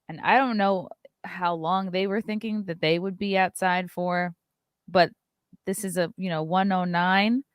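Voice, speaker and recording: A woman's voice: medium pitch, fairly bright tone, clean tone, dry recording, clean studio sound. A woman hosting a casual commentary show, chatting loosely and swearing now and then while playing clips.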